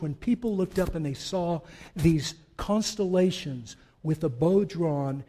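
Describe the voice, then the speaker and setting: Male pastor, fairly high voice, sermon delivery that swells into loud emphatic peaks. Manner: swells from quiet explanation to loud emphatic declarations; conversational asides to the congregation.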